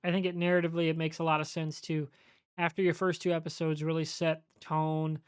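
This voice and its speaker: Measured podcast co-host, very dry sound. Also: medium pitch, little pitch movement, smooth, no room sound. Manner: analytical, measured, uses many fillers. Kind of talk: casual podcast chat.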